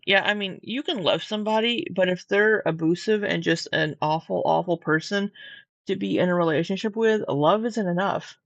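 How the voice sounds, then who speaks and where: A woman's voice: fairly low pitch, normal speed, no room sound, dull audio. A sleepy woman hosting a casual reaction, talking bluntly, swearing and repeating herself. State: sleepy, yawning. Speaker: channel host reacting to a clip.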